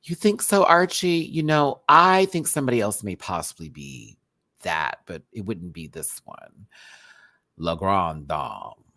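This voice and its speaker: A young man giving live-stream commentary on a reality show, gushing and bursting into excited squeals. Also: medium pitch, normal speed, no room sound. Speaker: reality TV reviewer.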